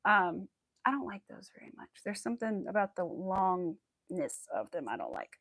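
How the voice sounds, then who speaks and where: A young woman chats her way through a crafting livestream, rambling and piling on filler words. Her voice swings up and down with a lot of vocal fry. The sound is dry and close, with no room echo. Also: lowish voice, very animated, moderate pace, fairly bright tone. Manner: laughs often and greets viewers. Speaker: crochet livestream host. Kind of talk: casual chat while crafting.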